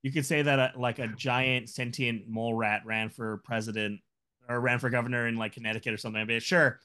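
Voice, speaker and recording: A man co-hosting a podcast, dropping dry, deadpan jokes in casual chat. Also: mid-range voice, brisk. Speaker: podcast co-host.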